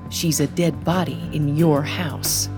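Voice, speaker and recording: A man's voice: on the high side, steady tone, slow pace, music in the background. A narrator voicing a brash, wisecracking tough man who jokes during a fight. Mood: subdued. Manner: joking, blunt.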